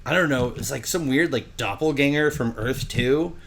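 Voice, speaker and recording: A young man casually telling a story on a podcast, acting out quotes in higher voices. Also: moderate pace, gravelly, background noise. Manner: animated storyteller, acts out quotes in high voices. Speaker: podcast co-host.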